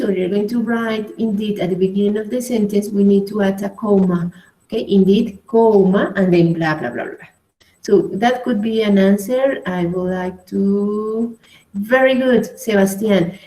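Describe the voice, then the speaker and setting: A woman's voice: medium pitch, mellow, reverberant, rough recording. A woman teaching an English grammar lesson in a patient manner with a Colombian Spanish accent, praising students by name and checking in often.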